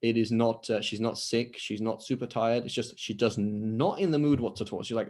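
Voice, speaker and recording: Over a video call, an Islamic studies teacher gives an online lecture and fields questions conversationally, often acting out quoted dialogue. His medium-pitched, slightly mellow voice keeps fairly even intonation at a moderate pace, with hardly any pauses.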